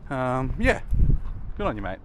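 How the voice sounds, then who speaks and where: A young Australian man talks in a loose, rambling way, trying names out loud and laughing at himself. His voice sits at an ordinary middle pitch. He is outdoors in a built-up area, with clear traffic noise behind him. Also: sing-song, a little slow. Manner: chatty, sounds names out, self-mocking asides. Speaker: video creator rating player names. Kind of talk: casual rambling commentary.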